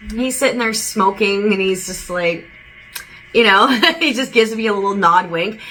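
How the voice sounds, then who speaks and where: Woman psychic medium, bright voice, rambling casual storytelling, faint background hiss. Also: mid-range voice, moderate pace, low-quality recording. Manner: rambling, relays quotes with frequent "he goes". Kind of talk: channeled reading, casual storytelling.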